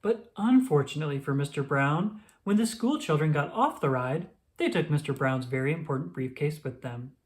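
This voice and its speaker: Woman reading a picture book out loud, low voice that swoops around a lot, unhurried. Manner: expressive, slow and deliberate. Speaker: children's book reader. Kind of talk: storybook read-aloud.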